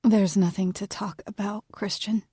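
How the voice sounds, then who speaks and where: A woman voicing a guarded, weary young woman in a whispered role-play, speaking in a soft, hushed way. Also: medium pitch, fairly even intonation, moderate pace, slightly rough, no room sound, studio quality, natural voice.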